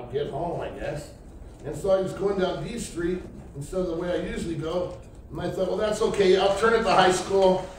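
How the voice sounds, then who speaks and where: Middle-aged man, church testimony, rambling storyteller, voice sits a bit high, recorded far off in a reverberant hall with light hiss. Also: darkish tone. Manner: rambling storyteller who acts out quoted speech. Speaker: church member giving testimony. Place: church during a night service.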